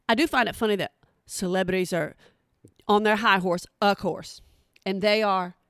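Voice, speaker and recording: A middle-aged woman delivers a comedic rant, sassy and exasperated, mocking as she goes. Her voice sits a little high. The sound is close and dry, with no room around it. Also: a bit bright, no room sound.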